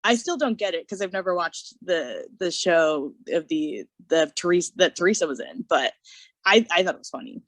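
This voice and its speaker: A woman's voice: on the low side, lively intonation, normal speed, dry recording. A woman co-hosting a podcast, chatting casually and sharing her opinions expressively. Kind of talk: casual chat.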